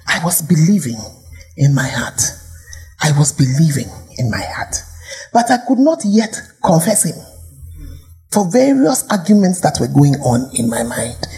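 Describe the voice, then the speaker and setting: A woman's voice: low voice, mellow. A woman pastor with a Ghanaian accent preaching a sermon, firing rhetorical questions and sometimes dropping to a whisper.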